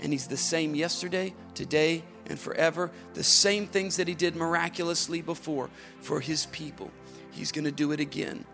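A man preaching a sermon, repeating phrases with rising emphasis and moving from hushed whispers to fervent near-shouting. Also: fairly high pitch, steady tone, moderate pace, faint music behind. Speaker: pastor.

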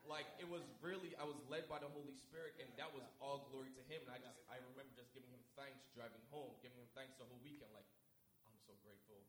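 A man speaking as a guest, telling a faith testimony in an animated way and acting out both sides of the conversations. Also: mid-range voice, racing, hardly any pauses. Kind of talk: testimony storytelling. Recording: echoey room with a crowd.

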